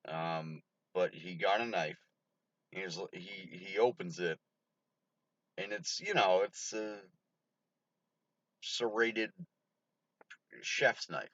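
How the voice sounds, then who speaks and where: Drunk male vlogger, swearing, laughing, low voice, dry close sound. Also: slow pace, long pauses, a bit bright, no room sound. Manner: rambling, profane, laughs often. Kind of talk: rambling storytelling to camera. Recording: dull lo-fi recording.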